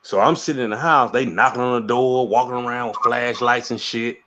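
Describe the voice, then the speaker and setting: A man's voice: mid-range voice, a little fast. A middle-aged man from St. Louis telling a story as a caller. He talks casually, swears often and acts out the quotes. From St. Louis, USA. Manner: animated, profane, acts out quotes. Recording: lo-fi dull audio.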